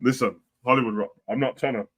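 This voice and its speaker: A man's voice: mid-range voice, fairly even intonation, fast talker, husky. A man hosting a casual live stream, reading out chat comments in a blunt, profane, heavy way. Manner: blunt, profane, slangy, swings between loud and quiet.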